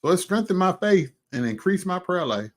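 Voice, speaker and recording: A man hosts a casual livestream chat in an animated, exclamatory way, dropping folksy asides and lots of drawn-out hums between remarks. His voice is high-pitched.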